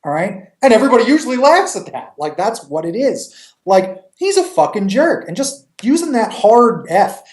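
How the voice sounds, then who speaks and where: A man from New York, a comic creator, chatting in a casual interview with a joking, animated manner and free swearing. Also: high voice, normal speed, echoey room.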